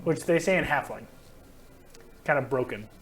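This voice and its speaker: A man's voice: mid-range voice, moderate pace, a bit bright, soft background music. A man narrating as game master in a game store, rambling and laughing between descriptions.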